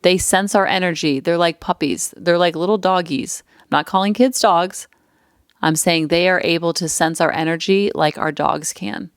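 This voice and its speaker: A woman's voice: on the low side, moderate pace, smooth, dry recording. A woman hosting a parenting podcast, talking casually and earnestly into a close mic. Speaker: podcast host, parenting coach. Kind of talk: casual solo podcast talk.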